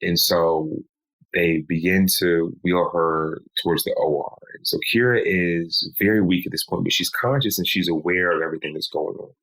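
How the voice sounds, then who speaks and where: A man, a podcast guest, recounting a painful personal story in a slow, measured way. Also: deep voice, fairly even intonation, a bit bright, rough recording. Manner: slow, measured telling with pleading quoted lines.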